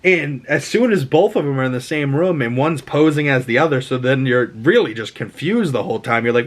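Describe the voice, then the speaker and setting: A man's voice: medium pitch, a little fast, hardly any pauses. Rambling man recapping a TV episode. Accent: Boston. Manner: rambling, animated, lots of fillers. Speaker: host.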